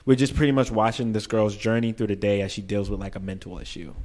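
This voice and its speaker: A man from Brooklyn talks with a New York accent. He is a podcast guest in a casual chat. He tells lively stories and laughs often. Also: fairly low pitch, fast. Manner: laughs often, animated storytelling.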